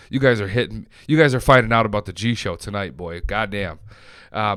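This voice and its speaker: A man's voice: on the low side, clean tone, no room sound, studio quality. A man in his late twenties hosting a sports podcast, telling a loose, funny story with plenty of swearing. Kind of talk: casual sports chat.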